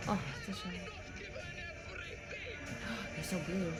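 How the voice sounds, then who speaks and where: A woman's voice: mid-range voice, lively intonation, a little fast, over loud music, a loud crowd. A young woman hosting a casual reaction vlog, gushing and swearing freely, often dropping to a whisper. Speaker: YouTube reaction host.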